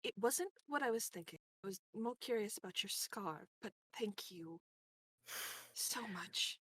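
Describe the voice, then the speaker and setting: A woman player speaking in character in a tabletop game, earnest and measured. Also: medium pitch, expressive, fairly bright tone, husky, dry recording. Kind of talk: in-character role-play.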